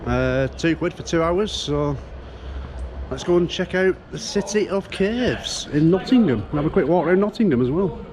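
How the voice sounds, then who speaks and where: A man's voice: fairly high pitch, lively intonation, normal speed. A British man vlogging casually as he walks around a city, making chatty, self-mocking asides to the camera. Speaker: travel vlogger. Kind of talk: casual walking vlog. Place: outdoors on city streets. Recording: street noise behind.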